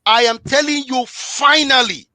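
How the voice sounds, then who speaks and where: Man, high-pitched, bright and forceful, motivational speaker, emphatic and repetitive, dry close sound. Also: normal speed, no room sound. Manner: emphatic, preachy, repeats phrases for emphasis; direct address to the audience. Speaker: guest speaker on relationships. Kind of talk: impassioned motivational talk.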